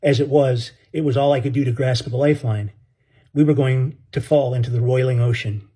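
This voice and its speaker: A man's voice: mid-range voice, steady tone, fairly quick, dark tone, breathy edge. A man narrating an audiobook story in an earnest, dramatic way.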